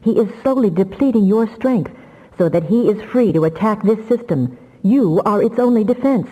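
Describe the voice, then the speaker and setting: A woman's voice: mid-range voice, lively intonation, normal speed, warm tone, big-room sound, pitched above the performer's own voice, lightly acted, low-quality recording. A woman voicing a grim, implacable male telepath mind, insistent and urgent.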